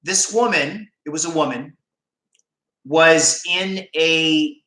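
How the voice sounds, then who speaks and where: A man's voice: a little high, pushed and bright, reverberant, poor audio. A man with a Canadian accent hosting a casual livestream, rambling and joking as he reads out viewer comments. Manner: chatty, rambling, jokey, laughs often. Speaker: YouTube channel host on a live stream.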